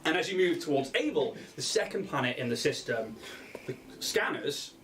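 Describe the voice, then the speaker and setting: Male game master, loose and giggly, rambling delivery, slightly higher register. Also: lively intonation, normal speed, noisy background. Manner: rambling, laughs often. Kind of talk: narrating a tabletop game.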